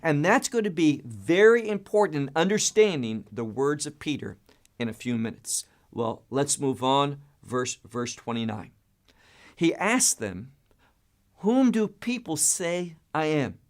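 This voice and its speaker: A man's voice: mid-range voice, very animated, measured pace. A man teaching a Bible study, emphatic and stressing key words, with frequent repeats and restarts.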